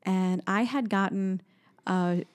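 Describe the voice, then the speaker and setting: Woman, podcast co-host, chatty storyteller, laughs a lot, middle pitch. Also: slow. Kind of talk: casual chat.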